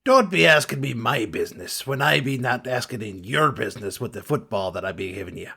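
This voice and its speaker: A man's voice: mid-range voice, lively intonation, a little fast, bright, forceful tone, exaggerated voice. A man voicing a blustering retired quarterback who talks like a pirate. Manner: pirate slang, gruff and blustering. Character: swaggering retired male football quarterback talking like a pirate.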